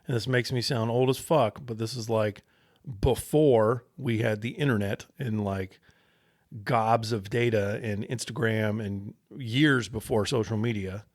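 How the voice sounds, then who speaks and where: A man's voice: on the low side, measured pace, no room sound. Dude on his podcast telling a story from when he was a kid, swears a lot, totally casual, dry close sound. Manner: casual, profane, animated storyteller. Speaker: podcast host. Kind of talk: personal storytelling.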